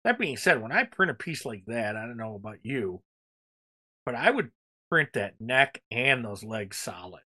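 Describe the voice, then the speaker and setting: A man's voice: mid-range voice, big pitch swings, normal speed, bright, forceful tone. A man co-hosting a casual podcast chat, rambling enthusiastically with lots of fillers. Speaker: podcast co-host.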